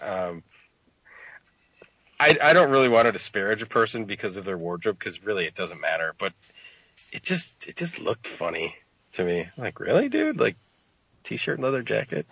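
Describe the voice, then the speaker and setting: A man with a low, husky voice co-hosts a casual sports podcast. He rambles and hesitates, often restarting his sentences. The recording is dry and dull, with a lo-fi quality. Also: very animated, moderate pace, pauses often, a bit bright, no echo. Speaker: podcast co-host.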